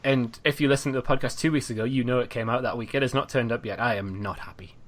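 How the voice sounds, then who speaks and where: A man hosting a gaming podcast in a relaxed, chatty way. His voice sits at an ordinary middle pitch, and his sentences often fade into a quiet trail at the end. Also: fast talker, slight background noise. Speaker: podcast host. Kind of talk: casual podcast chat.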